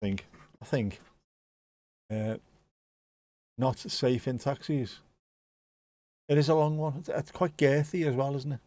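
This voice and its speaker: A man's voice: mid-range voice, measured pace, long pauses, warm tone, no echo. A man hosting a live match watchalong, chatting casually and rambling between dad jokes. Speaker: watchalong host.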